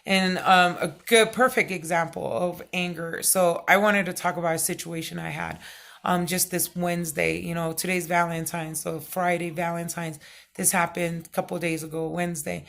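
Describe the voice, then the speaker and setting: Middle-aged lady ranting her story on a vlog, loud and stern, bright sharp voice. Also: lowish voice, normal speed, vocal fry. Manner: loud, stern, excitable storyteller, lots of fillers. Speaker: vlogger.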